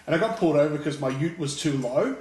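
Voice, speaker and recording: A man's voice: fairly high pitch, expressive, quick pace, darkish tone. A young Australian man co-hosting a podcast, telling stories in a rambling, laughing way. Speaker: podcast co-host. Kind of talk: casual chat. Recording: echoey room.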